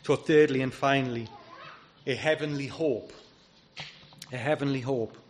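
A man's voice: mid-range voice, steady tone, measured pace, slight background noise. A man preaching a sermon as pastor, earnest and emphatic, citing scripture as he goes.

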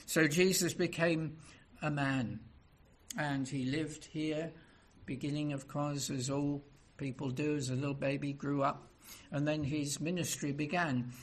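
Brief: male preacher, fairly high voice, sermon with rhetorical questions and emphatic build-ups. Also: steady tone, measured pace.

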